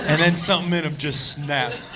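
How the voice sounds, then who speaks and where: A man doing stand-up comedy on a club stage, telling a wild story loudly and laughing through his punchlines. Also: a little high, moderate pace. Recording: live club set with audience laughter. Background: crowd laughter and room noise.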